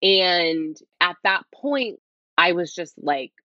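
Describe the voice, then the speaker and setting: Low, hushed woman telling her story. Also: animated, slow pace, no room sound, muffled recording. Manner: rambling, heavy use of "like", restarts. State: speaking quietly, half-whispering. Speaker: interview guest. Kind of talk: candid personal storytelling.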